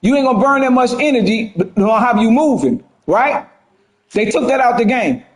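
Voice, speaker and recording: A man giving casual gameplay commentary on a boxing game, slangy and animated, talking straight to his viewers. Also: extremely high pitch, normal speed, roomy sound, low-quality recording. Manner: animated, slangy, talks to chat. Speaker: gaming streamer.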